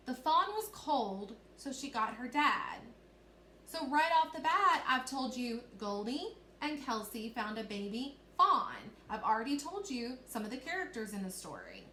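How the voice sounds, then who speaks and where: In a reading lesson for children, a woman teacher speaks in a slightly high, fairly bright voice, patiently walking through every step and repeatedly making sure they keep up. Her voice echoes in the room above a faint hiss.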